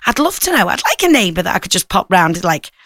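A woman's voice: fairly low pitch, sing-song, fast talker, a bit bright, no echo, clean studio sound. A middle-aged woman hosting a breakfast radio show, chatting casually with jokey, rambling asides.

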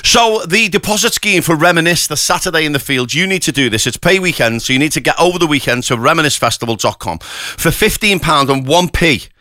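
A man hosts breakfast radio with energetic, joking banter. His voice sits a little high with a forceful, bright edge. The studio sound is dry and close. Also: a little fast, no echo. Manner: energetic, joking, plugs and links.

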